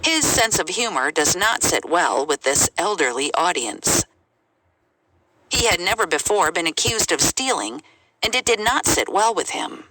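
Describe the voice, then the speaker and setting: A woman reading English example sentences aloud in a clear, measured way for a language lesson. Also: lowish voice, big pitch swings. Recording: noisy recording.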